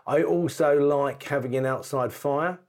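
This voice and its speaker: A middle-aged man telling anecdotes as a podcast guest, lively and laughing, with casual swearing. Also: a little high, unhurried. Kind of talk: anecdotal storytelling.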